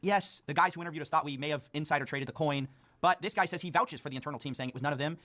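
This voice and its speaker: An online commentator recapping internet drama in a played video, sarcastic and quick. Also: mid-range voice, sharp tone.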